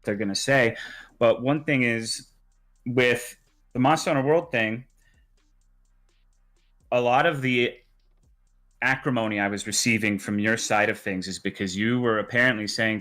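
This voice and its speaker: A man speaking as a podcast guest, calmly and deliberately explaining his grievances in a casual conversation. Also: mid-range voice. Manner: earnest, deliberate, airing grievances.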